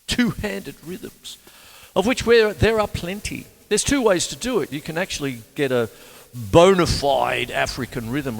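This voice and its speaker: A man's voice: medium pitch, fairly bright tone, long reverb tail. An Australian man giving a casual drum lesson, chatty and rambling, cracking jokes and saying "you see" a lot. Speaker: drum teacher. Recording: drum kit playing behind the voice.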